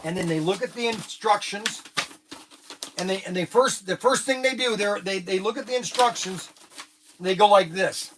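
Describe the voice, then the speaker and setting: A middle-aged man who owns a hobby shop, telling an animated, rambling story to the camera with lots of restarts. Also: high voice, normal speed, background noise. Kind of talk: casual talk to camera.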